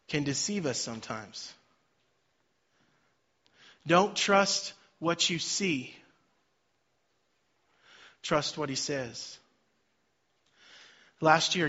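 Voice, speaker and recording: A middle-aged man, a pastor, preaching a sermon that moves from quiet personal stories to loud, emphatic calls to the congregation. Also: a little high. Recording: slightly dull sound with faint music behind.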